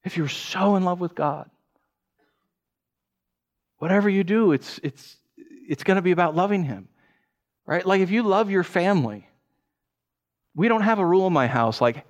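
A middle-aged man preaching a sermon in a fairly high voice. He tells stories with animated energy, acts them out with sound effects, and restarts his phrases as he talks. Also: moderate pace. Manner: repeats words, restarts phrases. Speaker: pastor.

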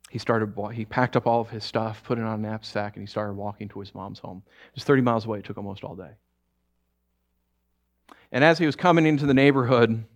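A man preaching by telling a story, speaking softly and haltingly with frequent restarts. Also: on the low side. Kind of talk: sermon storytelling.

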